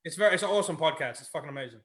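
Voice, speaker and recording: A man's voice: fairly high pitch, lively intonation, rapid-fire, fairly bright tone. A man chatting on a podcast, swearing constantly as he enthusiastically recommends shows. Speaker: podcast co-host. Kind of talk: casual chat.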